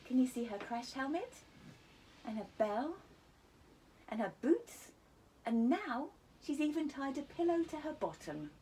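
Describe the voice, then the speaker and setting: Teacher lady reading a kids story, slow and bouncy, voice going up and down a lot, sometimes whispering. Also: high voice, a little hiss or hum. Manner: animated, asks children questions, often drops to a whisper. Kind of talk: reading a picture book to children.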